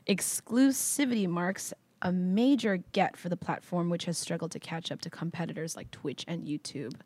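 A woman's voice: fairly low pitch, a little mellow, no room sound. A woman co-hosting a casual talk show, reading a news item with offhand side comments. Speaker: podcast co-host.

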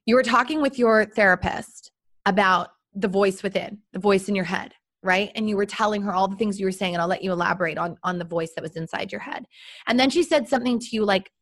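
A woman's voice: medium pitch, fairly quick, fairly bright tone. A woman hosting an interview podcast, asking long questions and backing her guest with encouraging murmurs. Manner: encouraging, lots of affirming murmurs. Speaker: podcast host.

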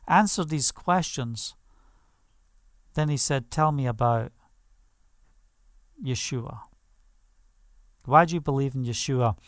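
A man's voice: high voice, a bit bright, no echo, studio quality. A man pastor preaching a passionate sermon, declaring over property and leading prayer.

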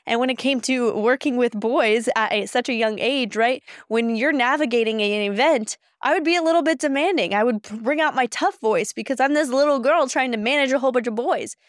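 A woman co-hosting a podcast, telling stories in an energetic, passionate way. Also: on the high side, fairly quick, hardly any pauses, dry recording, clean studio sound. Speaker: podcast co-host. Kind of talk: casual chat.

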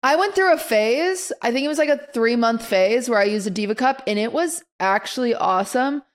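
A young woman co-hosting a podcast in casual chat, telling stories in an animated way and acting out other people's reactions. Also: on the high side, a little fast. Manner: animated storyteller who acts out quoted reactions. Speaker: podcast co-host.

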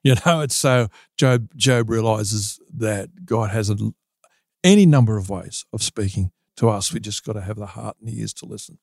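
A middle-aged man speaking earnestly about faith as a podcast guest, often pausing and restarting his sentences. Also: fairly low pitch, vocal fry, darkish tone, no room sound, studio quality. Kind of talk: reflective podcast interview.

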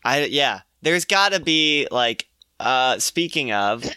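A young man with a bright, forceful voice talks loosely as a podcast co-host, full of fillers and quick laughs. The sound is dry and close. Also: medium pitch, animated, clean tone, dry recording. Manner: rambling, laughing, lots of fillers. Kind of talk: casual chat.

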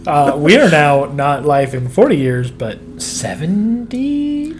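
Slightly high-voiced man chatting casually. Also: sing-song, a little hiss or hum. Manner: easygoing commentary with quick agreements. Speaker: podcast co-host. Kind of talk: casual chat recapping a sitcom episode.

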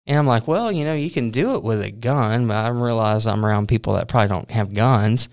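Smooth-voiced man telling a funny story. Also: medium pitch, a little fast, few pauses. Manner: animated, self-deprecating, laughs often. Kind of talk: casual storytelling.

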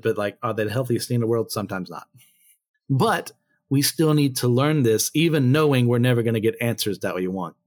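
Brief: male Bible study host, mid-pitched, reads scripture, then casual commentary full of fillers. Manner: conversational, with frequent fillers and asides.

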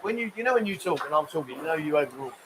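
A man's voice: fairly high pitch, animated, rapid-fire, heavy background noise. Cheeky rambling male stream host. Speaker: live-stream show host. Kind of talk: casual live-stream chat, reading viewer comments.

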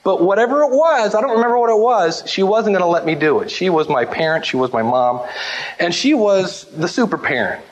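A man with a notably high voice tells warm, funny family stories to a live audience. He is animated and jumps into little voices for the people in his anecdotes. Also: a little fast, highs cut off. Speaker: speaker sharing memories of his mother. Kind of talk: storytelling talk to a live audience.

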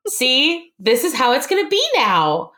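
A woman co-hosting a podcast in casual chat, laughing often and quickly. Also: high-pitched, sing-song, pushed and bright. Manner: giggly, quick bursts of laughter. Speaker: podcast co-host. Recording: echoey room.

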